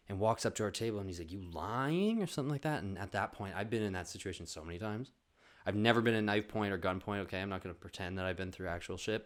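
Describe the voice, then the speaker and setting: A man in his twenties from Canada, with a fairly low voice, spins a comic story for his podcast. He talks casually and swears a lot. He leaps into high, loud voices whenever he acts out the other people. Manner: animated, swearing, acts out voices with big pitch jumps. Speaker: podcast host. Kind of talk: comedic storytelling.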